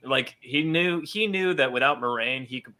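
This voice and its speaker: Bright-voiced man recapping a show. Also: mid-range voice, moderate pace. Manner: rambling recaps with acted-out quotes. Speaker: podcast co-host. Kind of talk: casual chat.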